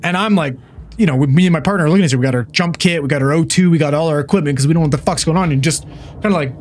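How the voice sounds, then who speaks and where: A man's voice: a little high, rapid-fire. A man, a paramedic, telling a wild call story in casual chat, swearing freely and acting out what everyone said. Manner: profane, animated storyteller who acts out what people said.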